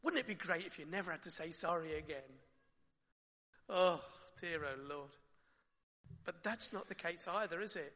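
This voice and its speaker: A man preaching a sermon in a conversational way, asking his listeners questions and dropping his voice softly at times. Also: a little high, expressive, normal speed, pauses often. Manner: conversational, with rhetorical questions and soft drops. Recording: long hall reverb.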